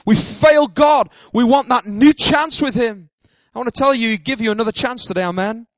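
A man preaching a sermon at a church service, emphatic, with repeated amens and bursts of shouting. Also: very high-pitched, brisk, no room sound. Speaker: pastor.

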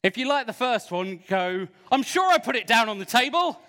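A man's voice: high voice, lively intonation, a little slow, a bit bright. A man playing a pompous male serpent poet and playwright, performing a comic character in a church hall. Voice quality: pompous, hissing shushes. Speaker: children's church entertainer. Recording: echoey hall.

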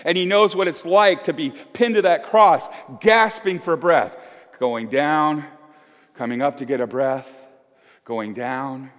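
A man's voice: a little high, slow pace, big-room sound. A man in his fifties preaching as a pastor, folksy and emphatic, asking one question after another. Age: 50s. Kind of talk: sermon. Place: church.

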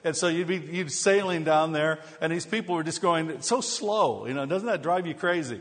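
A man's voice: fairly high pitch, normal speed, fairly bright tone. A man preaching a sermon as pastor, telling funny self-deprecating stories before turning to scripture. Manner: humorous storytelling with self-deprecating jokes. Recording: long hall reverb.

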